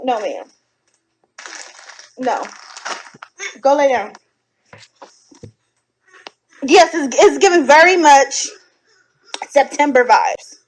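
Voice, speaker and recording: A woman giving casual reaction commentary from home at night, animated, sassy and blunt, swearing freely. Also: high voice, rough recording. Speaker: online commentator reacting to videos.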